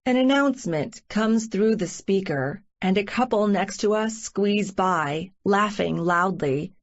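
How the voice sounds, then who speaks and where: A woman narrating a first-person romance audiobook in a measured inner-monologue style. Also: medium pitch. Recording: muffled lo-fi recording.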